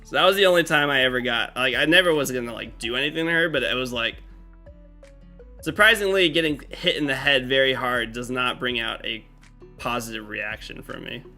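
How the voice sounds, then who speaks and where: A man's voice: mid-range voice, fairly quick, pushed and bright. A man chatting casually on a live game stream, rambling with lots of fillers and restarts. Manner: rambling, filler-heavy talk with many restarts. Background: faint game music.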